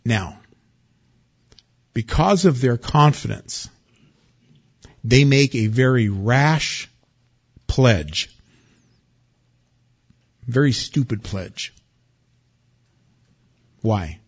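A man preaching a sermon with lively swings from loud excitement to quiet warning. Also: medium pitch, drawn-out words, pauses often, breathy edge, highs cut off. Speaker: pastor.

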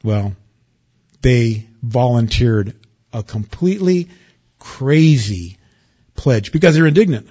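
A man preaching a sermon with lively swings from loud excitement to quiet warning. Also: medium pitch, slow, pauses often, slightly rough, dull audio. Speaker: pastor.

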